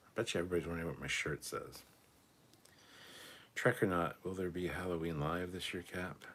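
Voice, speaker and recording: A man with an extremely low voice hosts a casual livestream and reads viewer comments aloud. His talk is loose and rambling, with frequent swearing. A faint hiss of noise sits behind him. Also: steady tone, brisk, a bit bright. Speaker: livestream co-host reading chat.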